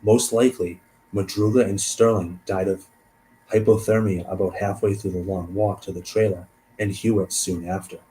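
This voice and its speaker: A man hosting a stream, reading a case aloud and thinking out loud between passages, trailing off and restarting. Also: low-pitched, fairly even intonation, normal speed, a little hiss or hum, low-quality recording. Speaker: host.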